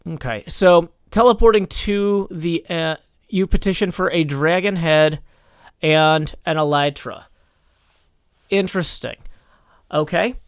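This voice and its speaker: Smooth-voiced man hosting a stream. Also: a little high, dry recording, clean studio sound. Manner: measured, mock-formal like a judge. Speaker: streamer hosting a game server. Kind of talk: casual livestream chat.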